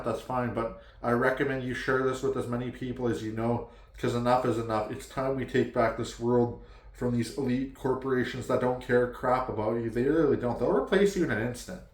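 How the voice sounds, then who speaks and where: A man's voice: medium pitch, fairly even intonation, fairly quick, roomy sound. A man from Canada giving a frustrated, heated rant to the camera, pleading with viewers and leaning heavily on "like". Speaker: vlogger.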